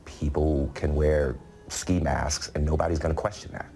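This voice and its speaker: A man's voice: a bass voice, little pitch movement, normal speed, warm tone, breathy edge. A man giving a television interview, recounting events in an earnest, emotional way. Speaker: interview guest.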